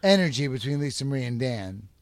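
A man's voice: mid-range voice, big pitch swings, quick pace, no room sound, clean studio sound. A man co-hosting a comedy sketch, pushy and coaxing as he eggs the others on.

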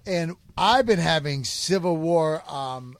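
A man's voice: fairly high pitch, expressive, slow, no echo. A man hosting a comedy podcast, rambling through goofy improvised bits with lots of fillers, on a close, dry mic.

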